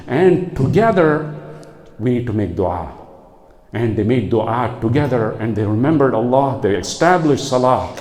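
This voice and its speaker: A man preaches in a roomy mosque hall, his mellow voice carrying and echoing off the walls. He swings between quick explanation and slow, emphatic lines, and now and then he recites Arabic verses. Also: medium pitch. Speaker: imam giving Quran commentary. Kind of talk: sermon. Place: large mosque prayer hall.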